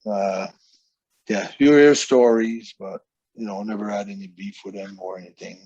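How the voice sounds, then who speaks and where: A man's voice: on the low side, fairly even intonation, normal speed, darkish tone, slightly rough, no echo, muffled recording. Man telling rambling stories. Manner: rambling anecdotes with quoted voices. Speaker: wrestler guest. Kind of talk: casual storytelling interview.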